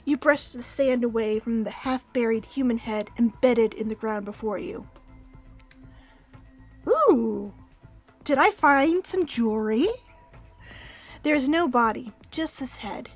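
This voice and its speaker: A woman's voice: on the high side, animated, slow pace, pauses often, soft background music. A woman streaming a game playthrough, reading the on-screen text aloud with playful, laughing asides.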